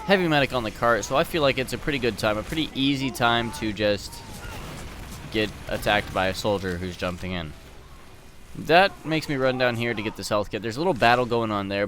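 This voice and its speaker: A man giving relaxed voice-over commentary on his own gameplay, walking through each move and swearing casually now and then. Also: fairly low pitch, slight background noise.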